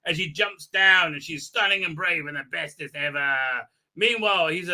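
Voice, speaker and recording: A man's voice: on the high side, a little fast, pushed and bright. A man hosting a live stream recap, talking crudely and rambling with many fillers and restarts. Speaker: live show host.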